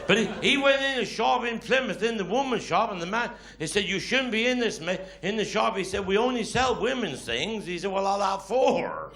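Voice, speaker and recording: A man's voice: high-pitched, expressive, normal speed, hardly any pauses, noisy background. A Cornish man performing live stand-up comedy, telling dialect stories with grumbling quoted voices. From Cornwall. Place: live stage before an audience. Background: audience laughter.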